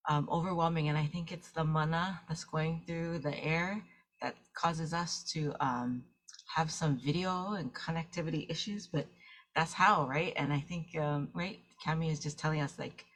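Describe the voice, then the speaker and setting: A teary-eyed woman hosting an online gathering, talking in a halting way with many fillers over a video call. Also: low-pitched, steady tone, fairly bright tone. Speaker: host.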